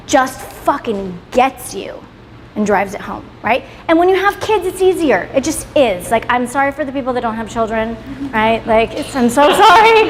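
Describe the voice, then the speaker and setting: A woman in her thirties running a motivational class, talking emphatically, swearing freely and ending points with "right?". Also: high voice. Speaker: class leader. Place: salon in a roomy hall. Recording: reverberant room, faint background noise.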